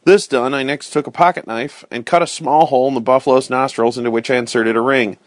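Male storyteller, first-person read-aloud, steady and clear, dry close recording. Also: medium pitch, quick pace, dry recording. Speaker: narrator.

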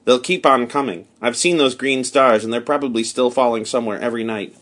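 A man reading the part of a grim, weary soldier with a hoarse voice, speaking in blunt, gloomy declarations. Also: mid-range voice, a little fast, fairly bright tone, lightly acted. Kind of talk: audiobook character reading.

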